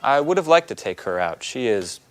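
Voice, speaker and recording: A bumbling, flirty man chats on the phone, played by an actor, stumbling over his words with plenty of ums and uhs. His pitch swings widely as he talks. It sounds like a scripted teaching skit. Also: big pitch swings, moderate pace, smooth, close to an everyday voice. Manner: hesitant, stammering, full of fillers. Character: awkward flirty man answering a colleague's phone.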